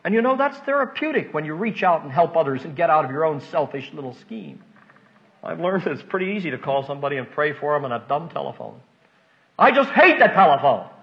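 An older man preaching a folksy, emotional sermon, moving between hushed asides and loud emphasis. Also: a little high, expressive, quick pace, creaky. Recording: dull lo-fi recording.

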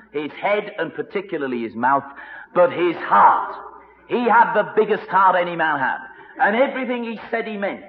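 Man preaching a dramatic story sermon, loud then hushed, dull muffled old recording. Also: sits high. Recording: reverberant hall, dull lo-fi sound.

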